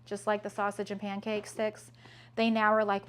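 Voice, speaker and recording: A woman's voice: mid-range voice, completely flat delivery, moderate pace. A woman, a mother and family vlogger, chatting casually and upbeat through a grocery haul at home, with plenty of "um"s. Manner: chatty, upbeat, many fillers.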